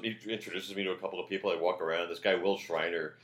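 A man, a comedian guest, telling stories in casual chat with a loud, projecting, animated delivery. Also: low-pitched, quick pace.

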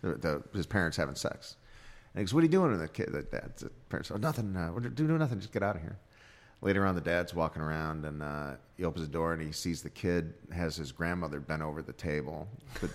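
A man telling dirty jokes in a casual chat, acting out the characters' lines with big jumps in his voice. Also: fast. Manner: animated storyteller, acts out voices with loud jumps in pitch. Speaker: comedian guest.

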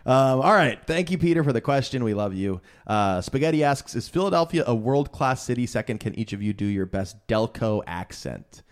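A man co-hosting a sports podcast in casual chat, animated and jokey with quick reactions. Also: mid-range voice. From Florida. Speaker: podcast co-host.

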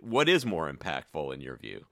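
A man's voice: rumbling low, huge pitch swings, moderate pace, vocal fry, fairly bright tone, dry recording, studio quality. A man in a casual interview, asking a question while thinking it through aloud.

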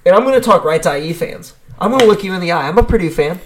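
A man's voice: high-pitched, expressive, rapid-fire, slight background noise. A man from Indiana co-hosting a casual sports chat, ranting heatedly and emphatically. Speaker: co-host.

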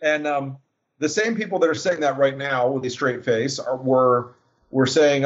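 A man's voice: mid-range voice, steady tone, normal speed. A man talking politics as a guest, sardonic and full of false starts. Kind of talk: casual political discussion. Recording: dull lo-fi sound.

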